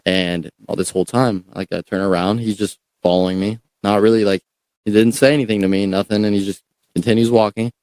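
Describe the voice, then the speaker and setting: A young man, a podcast guest, telling a story in a casual, animated way, swearing and repeating words as he goes. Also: fairly low pitch, fairly quick, no echo.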